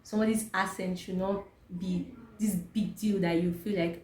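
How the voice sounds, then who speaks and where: A woman's voice: medium pitch, flat delivery, moderate pace, warm tone, a little hiss or hum. A young Nigerian woman with a Nigerian accent, talking emphatically to camera in her vlog and asking rhetorical questions. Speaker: vlogger. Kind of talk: opinionated talk to camera. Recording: echoey room, faint ambience.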